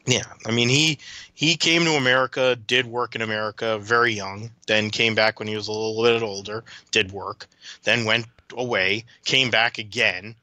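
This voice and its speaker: Podcast guest: a man with a sharp, forceful voice and a lowish pitch, talking racing history in long, rambling runs, recorded dry. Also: steady tone, moderate pace, no echo. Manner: rambling, detailed motorsport recollections with restarts. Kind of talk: casual racing chat.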